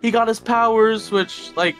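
A man playing a scientist in a Minecraft role-play, calm, dry and teasing. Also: high-pitched, a little slow, faint music behind.

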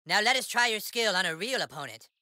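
A man's voice: sits high, animated, quick pace, no room sound, clean studio sound, heavily acted. An actor playing a crude, bossy young boy acting as a mock-solemn fantasy mentor in a video game. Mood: awed. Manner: mock-solemn, foul-mouthed. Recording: game audio with loud music.

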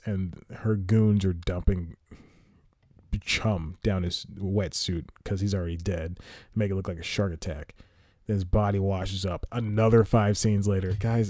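A man rambles through a solo podcast review, exasperated, sighing and drifting off on tangents. His voice sits a bit low and sounds mellow. The recording is dry and close. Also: no echo. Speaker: podcast host.

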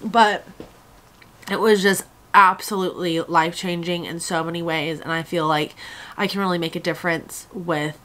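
A woman's voice: on the low side, little pitch movement, moderate pace, pushed and bright. A young woman chatting in a casual vlog, gushing and emotional, close to tears. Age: young adult. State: tearful. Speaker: vlogger.

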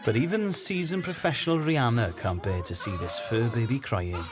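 A woman giving scripted documentary narration in a lively, lightly wry way. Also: very deep voice, moderate pace, music in the background.

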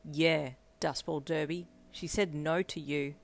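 Woman voicing a raspy, smug villain boyfriend. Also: little pitch movement, normal speed, darkish tone. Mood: mocking.

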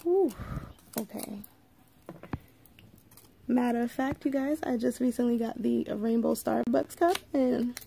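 Slow-talking gravelly woman hosting a live. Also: fairly high pitch, dark tone, a little hiss or hum. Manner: chatty, greets viewers by name; slow, drawn-out delivery with frequent asides. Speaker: livestream host. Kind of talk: casual live unboxing chat.

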